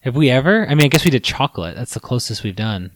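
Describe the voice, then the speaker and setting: A man's voice: medium pitch, sing-song, fast, no room sound. A man co-hosting a casual podcast chat, joking and laughing often. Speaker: podcast co-host.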